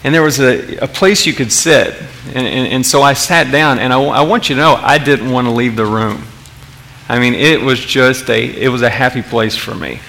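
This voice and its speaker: Male pastor, casual sermon, forceful bright tone, halting restarts. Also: medium pitch, creaky, a little hiss or hum. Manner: conversational, many restarts, asks the audience questions.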